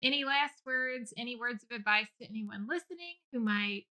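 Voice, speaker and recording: A woman's voice: on the high side, expressive, moderate pace, bright, forceful tone. A woman hosting a podcast, asking questions and teasing her guest in casual chat. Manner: playful, teasing. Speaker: podcast host.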